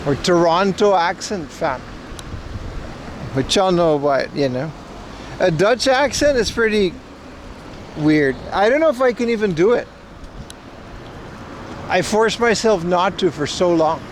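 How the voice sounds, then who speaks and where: This IRL livestreamer, a thirty-something from Boston, rambles and jokes with his stream viewers while outdoors in Japan. His voice is high-pitched and animated, unhurried and full of pauses, against a noisy background.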